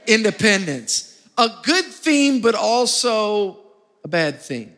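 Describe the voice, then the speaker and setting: An American male pastor preaches emphatically in a large hall, prompting his congregation to answer back in call-and-response. His high-pitched, fairly bright voice takes big pitch swings and moves slowly.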